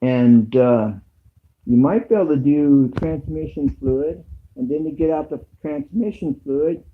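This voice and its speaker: A man's voice: fairly high pitch, measured pace, phone-quality sound, a little hiss or hum. Rambling middle-aged man chatting casually. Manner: rambling, chatty, with frequent ums. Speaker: video host. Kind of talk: casual livestream chat.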